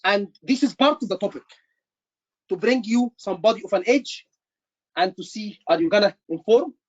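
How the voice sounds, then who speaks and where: A man's voice: high voice, animated, moderate pace, dry recording. Guy teaching exam stuff, keeps saying brother, dull dry online sound. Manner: emphatic, repeats words, says "brother" often. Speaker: medical exam tutor.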